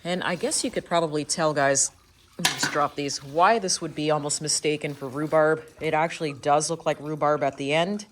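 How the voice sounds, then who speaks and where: A woman's voice: low-pitched, steady tone, moderate pace, slight background noise. A woman talking casually while she works in a greenhouse, explaining each step of her gardening in a friendly, chatty way. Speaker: gardening vlogger. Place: inside a greenhouse.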